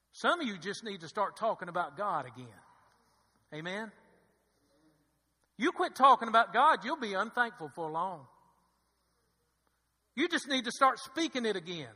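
A pastor, a man with a very high, piercing bright voice, preaching with emphatic repetition and calls for amens. He swings from loud exhortation down to hushed intensity. His voice rings through a church hall with a long reverb. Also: big pitch swings, normal speed, pauses often, slightly rough. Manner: emphatic, repetitive preaching with call-and-response "amen". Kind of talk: sermon. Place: church sanctuary.

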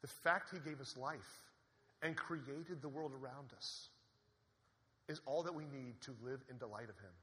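A man preaching a sermon in an animated, conversational way, with asides to the congregation. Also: mid-range voice, normal speed. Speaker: pastor. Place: church sanctuary. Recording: long hall reverb.

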